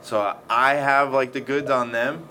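A man's voice: mid-range voice, steady tone, moderate pace, sharp tone. A man telling a story in casual chat, swearing often and acting out the scenes. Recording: faint background noise.

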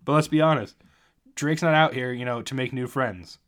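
A man's voice: mid-range voice, moderate pace, noisy background. Jokey man rambling on a sports podcast. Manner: jokey, rambling, self-mocking. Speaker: podcast host. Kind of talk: solo sports podcast chat.

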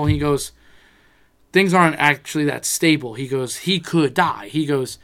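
A man's voice: fairly high pitch, normal speed. A man in casual chat, telling a rambling personal story, swearing freely and acting out what people said.

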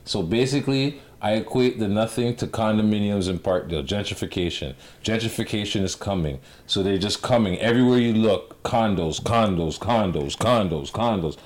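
Slangy, animated man in casual chat. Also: on the low side. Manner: slangy, animated, does quick accent impressions.

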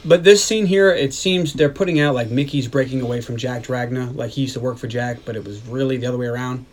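A man's voice: mid-range voice, fast, a little mellow. A man co-hosting a movie podcast, casually retelling the plot in a rambling way, swearing and acting out lines from the scenes. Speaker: podcast co-host.

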